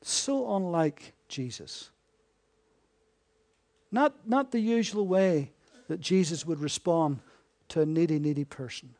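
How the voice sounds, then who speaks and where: Male preacher, high voice, sermon delivery, rhetorical questions, hushed to emphatic. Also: slow. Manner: swings between hushed and emphatic.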